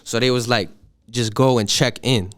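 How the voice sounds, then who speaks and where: An eighteen-year-old man excitedly telling a profane story, acting out the voices of the people in it. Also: medium pitch, moderate pace. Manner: animated, profane, acts out voices in his story. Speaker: podcast guest. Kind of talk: casual storytelling.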